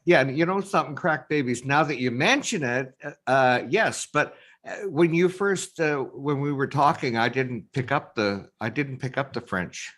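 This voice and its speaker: A man's voice: medium pitch, normal speed, few pauses, fairly bright tone. A man hosting a live stream, chatting casually with short, friendly interjections. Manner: short responsive interjections, chuckling. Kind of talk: casual chat.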